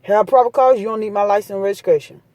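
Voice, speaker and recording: A woman's voice: mid-range voice, quick pace, a little mellow, dry recording. A woman talking straight to her viewers in a casual, impassioned monologue, blunt and preachy, hammering her points home by repeating them. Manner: street-talk, blunt. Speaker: vlogger giving advice.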